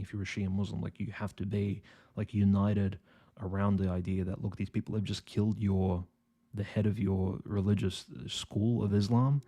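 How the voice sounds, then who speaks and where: A man's voice: on the low side, warm tone. A man co-hosting a casual online political discussion, talking in a hesitant way with many restarts and fillers. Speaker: co-host.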